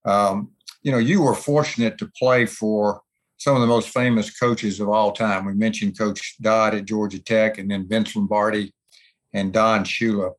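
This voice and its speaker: Low-voiced man asking interview questions. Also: steady tone, normal speed. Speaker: interviewer, host.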